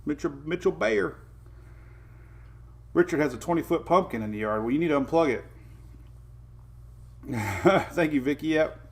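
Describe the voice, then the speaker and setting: A man's voice: fairly high pitch, expressive, moderate pace, gravelly, pauses often. A middle-aged man hosting a casual morning weather livestream, chatting with viewers, greeting them by name and chuckling often.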